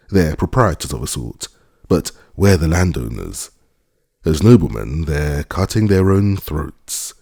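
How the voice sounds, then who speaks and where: A genial old country landowner with grey whiskers, read by a man in an audiobook. He muses and lectures in a deep, gravelly, husky voice that rises and falls a lot. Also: mellow, no echo, clean studio sound, exaggerated voice. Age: older. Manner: genial, reflective, slightly lecturing.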